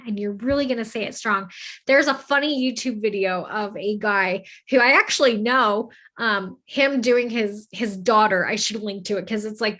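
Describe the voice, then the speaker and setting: A woman hosting a self-help talk, earnest and encouraging, often checking in with "okay?" and "right?" and slowing down to recite affirmations. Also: mid-range voice, fairly bright tone. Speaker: host of a self-help channel.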